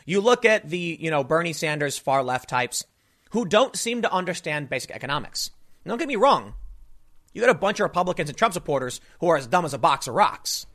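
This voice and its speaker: Male commentator, fairly high voice, casual monologue with lots of restarts. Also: lively intonation, a little fast, a bit bright. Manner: rambling, frequent restarts and fillers. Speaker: political commentator.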